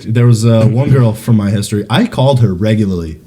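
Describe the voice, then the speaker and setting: A young man co-hosting a podcast in casual chat, telling rowdy stories and laughing, sometimes breaking into high silly voices. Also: brisk, warm tone. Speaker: podcast co-host.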